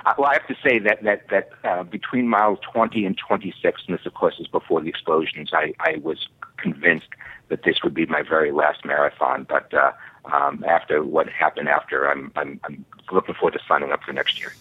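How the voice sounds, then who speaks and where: A middle-aged man from the Boston area, a guest calling in, halting with many restarts and dry humor. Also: very deep voice, steady tone, breathy edge, no room sound. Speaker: guest caller. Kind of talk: casual chat over phone. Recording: tinny phone line.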